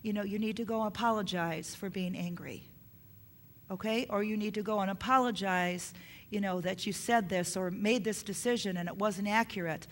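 A woman's voice: mid-range voice, normal speed. A middle-aged woman preaching a sermon on parenting, earnest, repeating her key points for emphasis.

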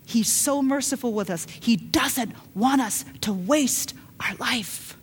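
A middle-aged woman preaching a sermon, emphatic, dropping to hushed lines and rising to loud urgent calls. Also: on the high side, slow, few pauses, husky. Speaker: pastor.

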